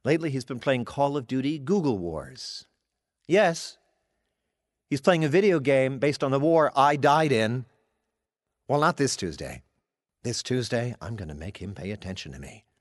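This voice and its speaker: A clingy male AI assistant, played by a man, talking in a flat, polite deadpan that keeps swinging up and down in pitch. The sound is dry and close, with no room around it. He is needy and passive-aggressive under the helpful manner. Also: moderate pace, no echo, lightly acted. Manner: deadpan, mild and dry, turning plaintive. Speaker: digital personal assistant. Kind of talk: scripted audio comedy.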